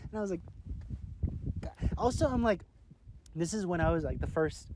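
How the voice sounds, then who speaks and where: A young man casually telling a long, profane story as a podcast co-host, acting out what people said in loud bursts. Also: high voice, lively intonation, moderate pace. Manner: profane, rambling, acts out quotes loudly. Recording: loud noise behind.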